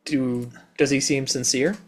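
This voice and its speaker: A man's voice: mid-range voice, steady tone, unhurried. A man playing a tabletop game who carefully explains the rules and mechanics. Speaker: player. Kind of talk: casual tabletop game chat.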